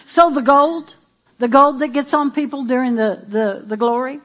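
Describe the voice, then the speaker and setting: A woman preaching a sermon in an animated, emphatic and playful way. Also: high voice, normal speed.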